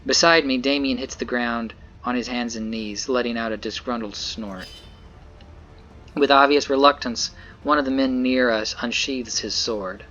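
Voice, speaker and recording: A man's voice: mid-range voice, steady tone, normal speed, pushed and bright, muffled recording. A man narrating a dramatic visual novel in the first person, earnest and tense.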